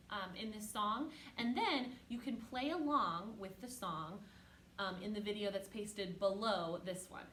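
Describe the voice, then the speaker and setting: A woman teaches an online music lesson to young children, patient and encouraging, loudly chanting rhythm syllables for the kids to copy. Her voice is mid-range, and the audio is reverberant with a little hiss or hum.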